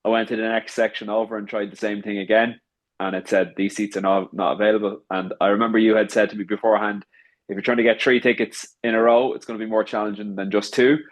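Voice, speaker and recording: A man's voice: fairly low pitch, flat delivery, fast talker. A middle-aged man in casual podcast chat, telling a story methodically and repeating words as he restarts.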